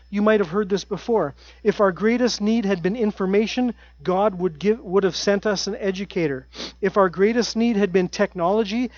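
A middle-aged man preaching a sermon in an earnest way, repeating his key phrases and dropping his voice to a hush at times. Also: high-pitched, no echo, dull audio. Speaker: pastor.

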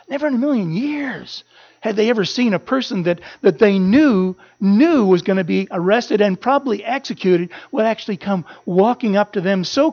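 A pastor preaching a sermon, earnest and building to animated emphasis. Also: male voice, high-pitched. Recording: muffled lo-fi sermon recording.

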